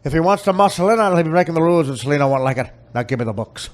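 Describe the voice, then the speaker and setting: A man impersonating a gruff, menacing gangster boss. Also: on the high side, expressive, pitched above the performer's own voice, close to an everyday voice. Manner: slow, clipped, threatening delivery. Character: menacing low-voiced male 1930s gangster boss. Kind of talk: comic impression on a podcast.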